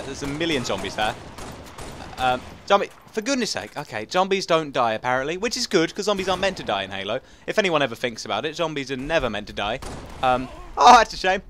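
A young Englishman with a high, light voice rattles through his game commentary at speed. He rambles, laughs a lot and gets excitable, with a faint hum of noise behind him at home. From England. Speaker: gaming commentator. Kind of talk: casual gameplay commentary.

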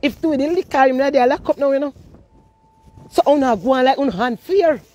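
A woman with a Jamaican accent ranting in heavy patois, scolding and animated. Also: high-pitched, brisk, highs cut off. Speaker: social media personality. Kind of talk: ranting monologue.

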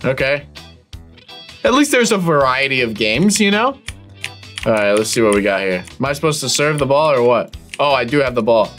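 A young man giving excitable gameplay commentary, full of loud exclamations, yelps and slangy bro-talk. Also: mid-range voice, moderate pace, soft background music. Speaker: gaming YouTuber.

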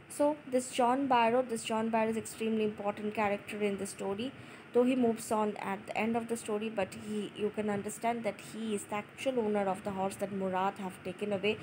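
Woman tutor, mid-pitched voice, reads a story aloud and paraphrases it, slight background hiss. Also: a little mellow, low-quality recording. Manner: reads passages aloud, then paraphrases them in plain words; frequent fillers and restarts while explaining. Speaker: English literature tutor. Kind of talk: chapter explanation lesson.

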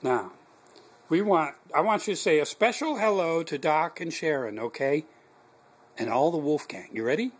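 A man at home filming his dog, coaxing it with sing-song praise and urging it to speak, ending in earnest, warm words and a prayer. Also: a little high, animated, moderate pace, breathy edge. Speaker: dog owner. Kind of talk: home video talking to a pet. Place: home living room with a couch. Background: dog in the room.

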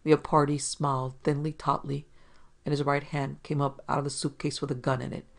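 A man narrating a hard-boiled detective story in a steady, measured reading. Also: a little high, vocal fry.

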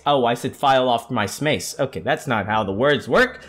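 A woman's voice: very deep voice, moderate pace, few pauses. A woman gaming YouTuber commenting on a game as she plays, with laughter and exaggerated reactions. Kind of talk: let's play commentary.

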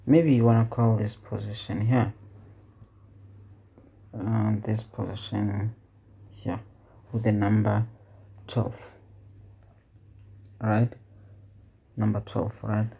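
Guy walking through excel formulas, low gravelly husky voice, thinks out loud as he goes. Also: flat delivery, slow pace, pauses often. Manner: conversational, asks questions and answers them himself; thinks aloud with fillers and self-corrections. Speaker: Excel tutor. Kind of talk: casual screen-recorded tutorial.

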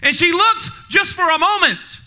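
A male pastor preaching a sermon to his congregation in a church, energetic and joking, speaking directly to the people in the room. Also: very high-pitched, normal speed. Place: church sanctuary before a congregation.

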